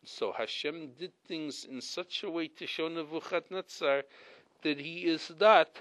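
A man's voice: on the high side, measured pace, a bit bright, poor audio. Earnest middle-aged man teaching a religious class. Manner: earnest, emphatic teaching with frequent restarts and repeated words. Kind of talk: weekly religious text class.

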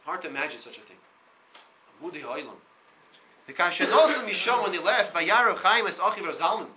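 High, bright-voiced male Torah teacher. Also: brisk, low-quality recording. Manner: reads Hebrew text and translates line by line; animated, repeats words. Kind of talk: Torah class.

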